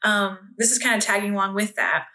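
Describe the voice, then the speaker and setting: Bright-voiced woman interviewer. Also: mid-range voice, brisk, low-quality recording. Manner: warm encouraging interviewer, frequent backchannel. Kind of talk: casual interview.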